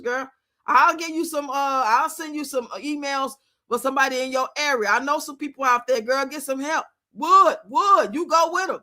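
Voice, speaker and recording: Woman streamer, high and sharp, cursing freely through a casual rant. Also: normal speed. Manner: blunt, profane, rants and scolds with lots of swearing. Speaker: streamer and commentator. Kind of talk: casual live-stream commentary. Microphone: streaming mic.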